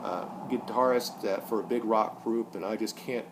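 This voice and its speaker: In this vlog, a forties-aged man rants his opinions bluntly and with profanity, wandering and restarting frequently. At a moderate pace, his voice turns loud and high as he gets heated, and the recording is very noisy.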